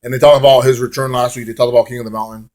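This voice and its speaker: A man's voice: medium pitch, little pitch movement, very fast, darkish tone. Rambling man reviewing wrestling. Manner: rambling, swearing, humming bits of songs. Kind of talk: casual video review.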